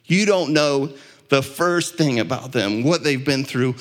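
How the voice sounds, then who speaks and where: A man preaching a sermon as pastor, building to impassioned peaks and dropping to quiet, low stretches. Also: measured pace. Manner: impassioned preaching, swelling louder and higher at peaks.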